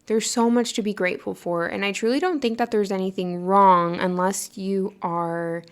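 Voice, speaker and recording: A woman's voice: medium pitch, fairly even intonation, moderate pace. Young adult woman, podcast host, earnest and encouraging, casual and rambling. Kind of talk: casual motivational monologue.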